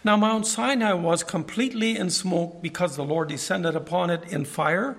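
A man with a high voice preaching a Bible lesson. He reads scripture aloud and stops to explain it to the congregation. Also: normal speed, vocal fry, fairly bright tone. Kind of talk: Bible teaching sermon.

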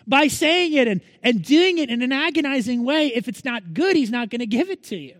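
A man's voice: very high-pitched, lively intonation, a little fast, fairly bright tone, no echo, long reverb tail. A male pastor preaching a Sunday sermon in an earnest manner, pressing his listeners with repeated rhetorical questions.

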